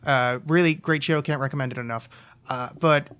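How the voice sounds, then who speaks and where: A man's voice: mid-range voice, fairly even intonation, normal speed, a bit bright, clean tone. A man hosting a solo podcast, ranting casually with profanity, restarts and repeated words. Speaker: podcast host.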